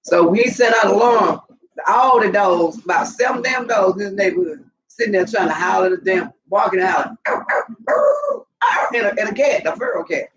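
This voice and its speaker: A woman telling animated, profane stories casually to her viewers, laughing often. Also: mid-range voice, brisk, poor audio. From Southern US. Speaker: vlogger. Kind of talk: casual storytelling to camera.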